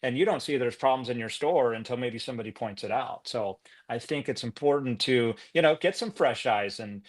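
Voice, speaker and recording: A man's voice: medium pitch, brisk. A man talking as a podcast guest in an upbeat, earnest way, peppering his speech with fillers. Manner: upbeat, earnest, lots of "you know" fillers. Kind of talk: casual conversation.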